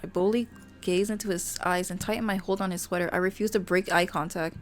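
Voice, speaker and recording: A woman's voice: fairly low pitch, fairly quick, soft background music. Playful woman streamer reading a romance game. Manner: animated, playful, breaks off to joke with viewers. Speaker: VTuber streamer. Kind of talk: reading a romance game aloud with chatty asides.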